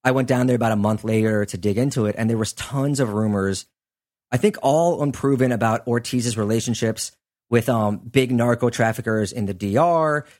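A man in the middle of his usual pitch tells a true-crime story to a co-host. His talk is easy and conversational, with many fillers. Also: normal speed, darkish tone. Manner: conversational, loose, lots of fillers. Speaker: podcast host; sports journalist. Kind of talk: casual storytelling chat.

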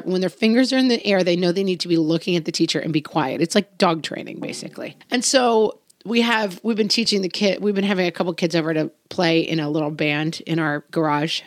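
A woman's voice: on the low side, quick pace, few pauses, dry recording, clean studio sound. A middle-aged woman co-hosting a podcast, chatting casually and acting out scenes from home with her kids. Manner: animated storytelling, acts out scenes. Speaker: podcast co-host. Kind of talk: casual chat.

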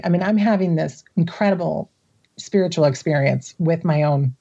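Middle-aged woman, husky and gravelly, low-ish mellow voice, emotional storytelling with frequent laughs, muffled lo-fi audio. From Midwest. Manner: emotional, laughs often, halting restarts. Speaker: guest. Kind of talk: recounting a personal experience in an interview.

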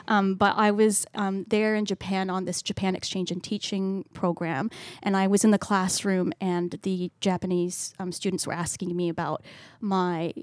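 A woman's voice: mid-range voice, level tone, normal speed, few pauses, no echo. A woman in her forties co-hosting a casual book podcast, hesitant with many ums as she talks and reads passages aloud. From Canada. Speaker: podcast co-host. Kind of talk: casual book-club chat.

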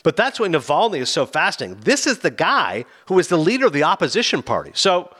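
A man with a fast, rather high voice chats casually as a film reviewer on a talk show. He's animated, acting out scenes and doing voices for the characters he quotes.

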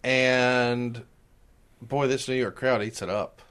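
A man's voice: mid-range voice, steady tone, slow pace, a bit bright, smooth. A man co-hosting a podcast, asking questions and sharing his enthusiasm as a fan in casual chat. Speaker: podcast co-host.

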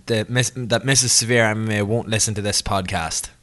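A man's voice: on the low side, fairly even intonation, fairly quick, fairly bright tone. A man co-hosting a podcast, chatting casually in a rambling, jokey way and correcting himself as he goes. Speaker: podcast co-host. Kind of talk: casual chat.

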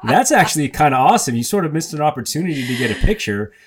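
A man's voice: on the high side, sing-song, fast, husky. A man co-hosting a casual podcast, making wry jokes and reacting to his co-host's stories. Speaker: podcast co-host.

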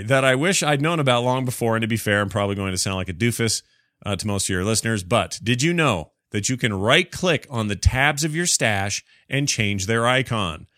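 A man's voice: on the low side, sharp tone, no room sound, studio quality. A man hosting a gaming podcast alone, reading listener emails aloud and answering them in a chatty, rambling, self-deprecating way. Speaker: podcast host.

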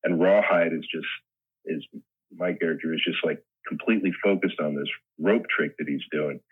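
Very deep, husky older man on a phone line. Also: moderate pace. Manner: rambling anecdotes with laughter and restarts. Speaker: guest actor. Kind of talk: casual interview storytelling.

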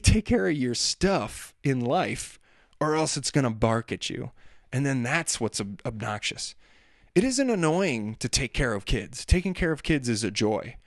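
A man's voice: medium pitch, no echo. A man in his thirties talks alone into the mic in a loose, rambling way. He laughs at himself, restarts his sentences and drifts from topic to topic. The sound is dry and close, with no room around it. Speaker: podcast host and musician. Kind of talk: casual solo chat.

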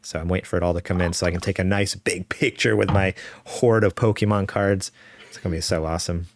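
Low, upbeat man on a gaming podcast. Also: steady tone, fast talker, dry recording. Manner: enthusiastic, laughs often, reads news aloud. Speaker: podcast co-host. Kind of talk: casual gaming news podcast.

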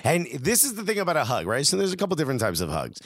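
A man co-hosting a casual podcast, telling stories in an animated way, acting out what people said and laughing often, recorded in a small hotel room. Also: on the high side, racing, no room sound, studio quality. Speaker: podcast co-host. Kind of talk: casual storytelling chat.

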